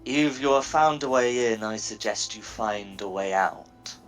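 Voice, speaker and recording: A man's voice: lowish voice, a little slow, faint music behind, lightly acted. A man voicing a hostile male fire giant who gives curt, cold warnings in a tabletop game. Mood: threatening.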